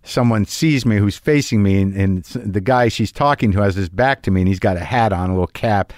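A man's voice: lowish voice, fairly quick, darkish tone, no echo, clean studio sound. A middle-aged man hosting a podcast, talking in a casual solo monologue, rambling and self-deprecating with plenty of restarts and fillers. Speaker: podcast host.

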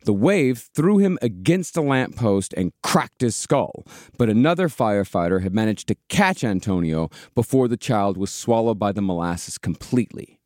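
A man hosting a podcast, narrating a historical disaster in a measured, storytelling way with casual swearing. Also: fairly low pitch, lively intonation, darkish tone, no room sound, clean studio sound. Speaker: podcast host.

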